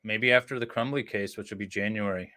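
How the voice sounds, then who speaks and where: A man's voice: fairly low pitch, fairly even intonation, a little fast, pushed and bright. A man hosting a livestream, chatting casually about a trial and thanking viewers. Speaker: livestream host. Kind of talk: casual commentary chat.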